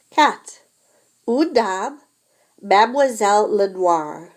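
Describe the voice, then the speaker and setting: A woman teacher walks beginners through a French lesson. She speaks at a deliberate, unhurried pace and sounds out each phrase clearly so students can repeat it. Her voice sits at a middle pitch. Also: animated, a little mellow. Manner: slow, careful modeling of French phrases. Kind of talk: classroom language lesson.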